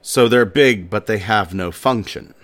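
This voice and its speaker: A man doing a flat, expressionless man in black, slow-spoken, strange questions. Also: on the low side. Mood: deadpan. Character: emotionless odd male man in black.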